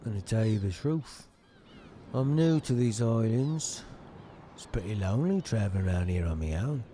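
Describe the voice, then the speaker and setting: A man's voice: on the low side, expressive, normal speed, dark tone, a little hiss or hum, close to an everyday voice. A man reading the lines of a cocky young female thief aloud while playing, in his own plain voice without an accent. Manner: reads game dialogue aloud in a plain voice, no accent. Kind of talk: reading game dialogue aloud.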